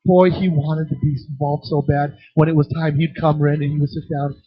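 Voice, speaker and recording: A middle-aged man leads a teaching session for children's ministry workers, telling stories with lively acted-out voices. His voice is a little husky and sits slightly high. The recording is dry and a bit dull. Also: a little fast, dry recording. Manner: animated storytelling with acted-out voices.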